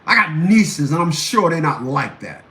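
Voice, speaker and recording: Blunt, forceful man ranting in a roomy echo. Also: on the high side, sing-song, moderate pace. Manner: blunt, combative, repeats phrases for emphasis. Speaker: radio show host. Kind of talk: ranting commentary. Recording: roomy echo, faint background noise.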